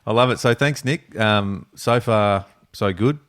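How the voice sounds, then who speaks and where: A man's voice: lowish voice, unhurried, fairly bright tone. A man hosting a podcast, rambling and laughing in casual chat. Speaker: podcast host.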